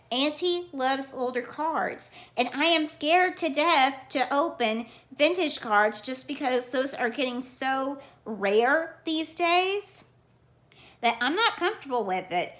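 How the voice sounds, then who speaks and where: A woman talks in a put-on, cheesy Southern US accent with a slightly high voice. She rambles casually like a vlog host, calling herself Auntie as she chats. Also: fairly bright tone, echoey room. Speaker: card collecting channel host.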